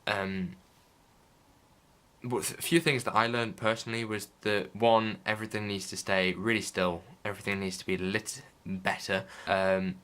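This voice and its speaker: A man's voice: on the low side, level tone, moderate pace, a bit bright, clean tone. A man vlogging behind the scenes in a casual, rambling way, with many fillers and restarts. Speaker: vlogger, filmmaker.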